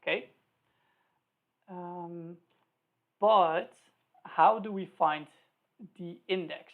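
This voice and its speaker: Slow, self-correcting coding instructor, tinny sound. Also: mid-range voice. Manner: thinks aloud, self-correcting, spelling out code. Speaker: programming instructor. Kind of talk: live-coding tutorial. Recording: tinny phone-like recording.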